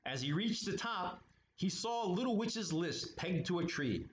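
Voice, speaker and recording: Man doing storytime, chatty asides, bouncy pitch, muffled sound with faint hiss. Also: measured pace, echoey room. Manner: playful, chatty asides, lively. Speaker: storytime reader at art studio. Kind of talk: children's read-aloud with asides.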